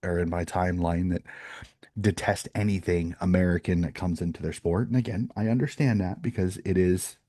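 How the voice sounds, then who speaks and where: Deep, dark-voiced man on a sports podcast. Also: fairly even intonation, a little fast, breathy edge, dry recording. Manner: opinionated, rambling with restarts. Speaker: podcast co-host. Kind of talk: casual sports podcast chat.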